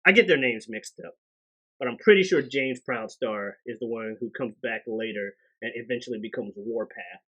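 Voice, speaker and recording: Man, podcast co-host, casual chat, animated storytelling, loud bursts for acted lines. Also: medium pitch, moderate pace. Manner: animated storyteller, acts out characters loudly.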